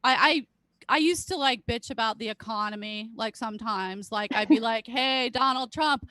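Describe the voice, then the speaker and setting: A woman's voice: fairly high pitch, moderate pace, pushed and bright, no echo, low-quality recording. A woman in her late thirties doing a stand-up comedy set full of crude, self-deprecating jokes, often laughing at her own lines. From Britain. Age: late 30s. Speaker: stand-up comic. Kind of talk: stand-up comedy set at a virtual charity show.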